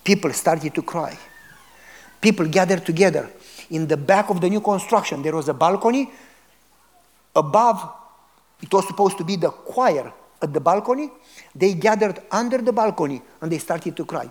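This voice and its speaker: A pastor with a high-pitched voice delivers a sermon. He tells a story dramatically and keeps turning to the congregation with questions. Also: lively intonation, moderate pace.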